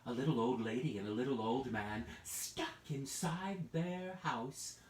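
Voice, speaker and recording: A man's voice: medium pitch, a little slow. A man telling a children's story live online, playful, and prompting listeners to act along. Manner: playful, lively, addresses listeners with hand-play prompts. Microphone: video call. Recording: roomy, distant from the mic.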